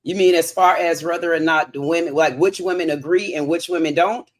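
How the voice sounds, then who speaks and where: A woman's voice: lowish voice, steady tone, a little fast. A woman on a livestream panel speaking candidly and reflectively about her opinion. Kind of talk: casual panel discussion.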